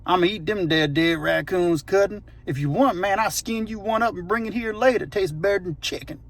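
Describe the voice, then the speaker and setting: A man's voice: high voice, fairly quick. A man voicing a crude, boastful redneck from the swamp, drawling backwoods slang in a Southern accent.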